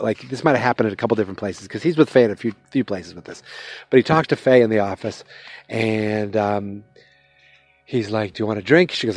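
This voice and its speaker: A man's voice: medium pitch, no room sound. Rambling man recapping a TV episode. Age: adult, with a father-in-law. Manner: rambling, many fillers and restarts. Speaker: podcast host. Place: outdoors, with passing vehicles.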